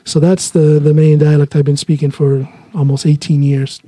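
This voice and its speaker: A man's voice: fairly high pitch, little pitch movement, normal speed, dark tone, husky, dry recording. A man hosting his own solo podcast, talking in a casual, rambling way and laughing at himself now and then. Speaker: podcast host. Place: living in Norway.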